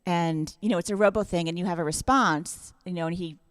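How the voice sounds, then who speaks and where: A woman's voice: fairly low pitch, fairly quick, no echo. A woman co-hosting a home-streamed music show, telling a story in casual chat and laughing often.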